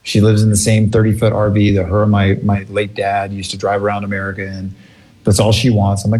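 A man telling a funny family story in a casual, animated way, laughing often. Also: fairly low pitch, fast.

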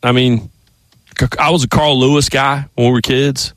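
A man's voice: medium pitch, level tone, normal speed, a bit bright, no room sound. A man hosting sports talk radio in a studio, a rambling storyteller who keeps restarting his sentences.

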